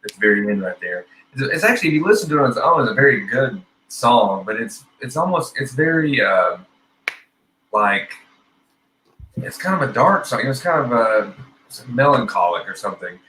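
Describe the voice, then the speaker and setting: A man chatting casually about a film on a podcast, relaxed and crude, often stopping and restarting. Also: medium pitch, moderate pace. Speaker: podcast guest. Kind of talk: casual movie discussion. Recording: echoey room with faint hiss.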